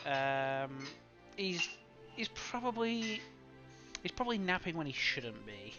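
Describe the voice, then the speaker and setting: Lively game master over music. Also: male voice, on the high side. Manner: halting, lots of fillers and laughs. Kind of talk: narrating a tabletop game on a stream. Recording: dull lo-fi audio with background music.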